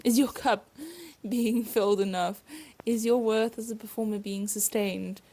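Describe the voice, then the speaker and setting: A woman's voice: medium pitch, fairly even intonation, unhurried, dark tone. A woman hosting her own podcast, a stage performer talking casually and reflectively with frequent asides and laughs.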